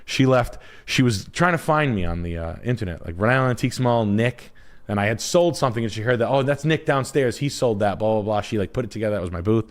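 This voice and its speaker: A man's voice: fairly low pitch, animated, fast. A man casually telling a long rambling story, swearing often and breaking into other people's voices. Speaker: storyteller on a talk show.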